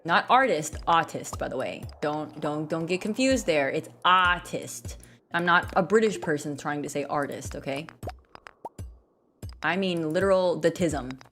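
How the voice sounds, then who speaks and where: Faint music plays behind a young woman's low-pitched, expressive voice as she speaks at normal speed. She's a gaming streamer joking around while playing a farming game, rambling and poking fun at herself.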